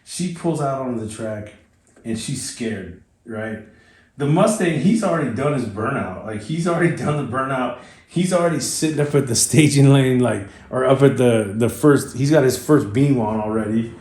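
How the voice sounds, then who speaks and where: A man's voice: mid-range voice, animated, normal speed, darkish tone, roomy sound. A man hosting a car channel, telling a story casually with lots of fillers and restarts. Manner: rambling, many fillers and restarts.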